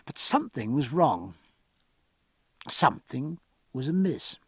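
A man narrating a historical sea novel in a measured, expressive audiobook reading. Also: mid-range voice, breathy edge, dry recording, clean studio sound.

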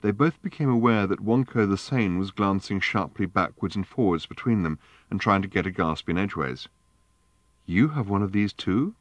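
A man narrating an audiobook in a measured, dryly wry storytelling manner. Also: low-pitched, no room sound. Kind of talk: scripted narration.

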